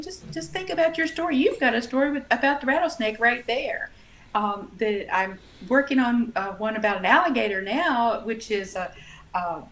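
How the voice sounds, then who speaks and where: A woman author chatting casually as an interview guest, telling stories with animated laughs. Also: on the high side, a little hiss or hum.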